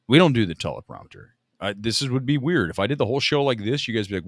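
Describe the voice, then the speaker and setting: A man's voice: medium pitch, sing-song, racing, no echo. A man hosting a live movie talk stream, rambling and joking at his own expense in casual chat on a desk microphone. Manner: rambling, joking and self-mocking.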